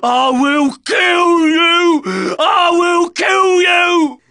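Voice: mid-range voice, animated, extremely slow, sharp tone, no room sound, clean studio sound, full character voice. An actor playing a brutish, hot-tempered male pig warlord for a video game, bellowing in broken grammar. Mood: raging. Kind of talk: video game villain voice acting.

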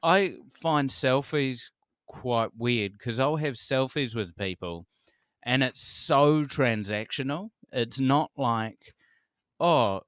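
A man in his forties with a New Zealand accent, a comedian telling stories as a podcast guest, animated, laughing often and swearing freely. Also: medium pitch, slow, clean tone, no echo, clean studio sound. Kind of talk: casual conversation.

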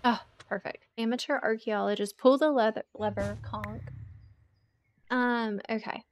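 Slow-talking woman narrating her game. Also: a little high, steady tone, slight background noise. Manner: chatty, exclaims and gasps, talks to game creatures. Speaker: let's play host. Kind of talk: casual gameplay commentary.

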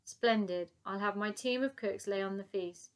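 A woman reading aloud, voicing an elderly queen who is weary but kind, in a measured, softly regal manner. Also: medium pitch, lightly acted.

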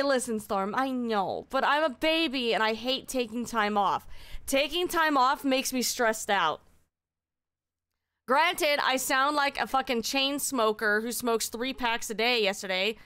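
A woman streaming live and chatting casually, excitable and heavily profane, her voice still recovering from strain. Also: a little high, smooth.

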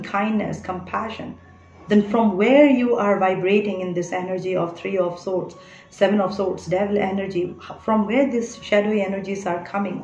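A woman's voice: medium pitch, a little mellow, highs cut off. Earnest woman tarot reader. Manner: earnest, coaxing, keeps adding "all right?". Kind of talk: spiritual tarot reading to camera. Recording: echoey room.

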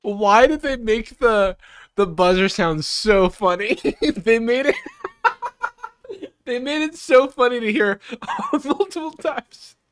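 A man's voice: very high-pitched, slow, clean tone. A man streaming live, reacting to a dating show in casual chat and laughing often at what he watches. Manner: laughs a lot, animated.

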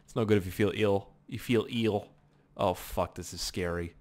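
A man giving casual gameplay commentary, talking to himself in a profane, excitable, rambling way. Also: lowish voice, moderate pace. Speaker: gaming YouTuber.

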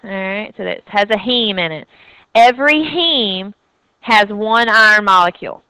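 Bright, crisp Southern woman lecturing. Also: mid-range voice, lively intonation, moderate pace, dry recording, poor audio. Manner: chatty, checks in with frequent "okay?". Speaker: anatomy and physiology teacher. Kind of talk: recorded classroom lecture.

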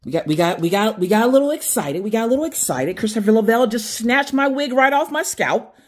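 A woman hosting an unboxing vlog, chatty and excitable, talking straight to her viewers. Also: a little high, fast. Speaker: craft channel host.

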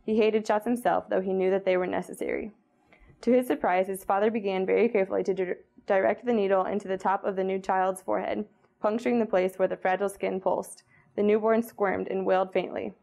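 A woman's voice: medium pitch, steady tone, brisk, gravelly, warm tone. A young woman, a student worker, carefully reading a novel excerpt aloud. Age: young adult.

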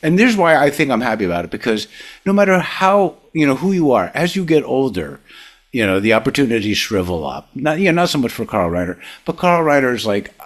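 Husky older man telling stories. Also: mid-range voice, a little fast. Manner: animated, rambling storyteller, laughs often. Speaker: guest, comedy writer and producer. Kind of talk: casual anecdotal storytelling.

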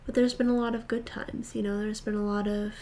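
A woman's voice: medium pitch, flat delivery, fairly quick, warm tone, slight background noise. A young woman chatting casually and reflectively to camera, rambling with many fillers. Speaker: vlogger. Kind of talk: casual vlog chat. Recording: echoey room.

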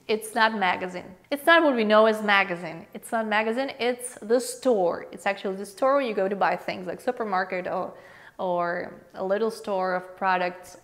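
A woman teaching a language alphabet lesson, saying each letter slowly and repeating example words. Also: medium pitch, a bit bright, big-room sound.

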